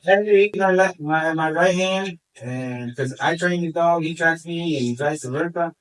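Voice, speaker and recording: A man who handles a search dog tells the story at a community meeting, excitedly acting out what he said. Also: on the high side, unhurried. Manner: excited, acts out his own quoted remarks. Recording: distant from the mic.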